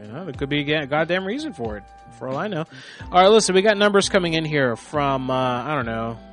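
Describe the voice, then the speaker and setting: A man's voice: fairly high pitch, sing-song, quick pace, a bit bright, faint music behind. A man hosting a live call-in prank show, talking in a rambling, off-hand way with some swearing. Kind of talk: casual live-stream talk.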